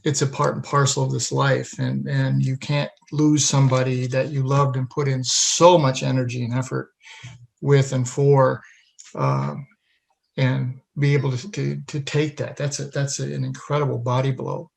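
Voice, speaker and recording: Man, interview host, gravelly voice, flat steady delivery. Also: medium pitch, normal speed. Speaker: podcast host. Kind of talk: interview conversation.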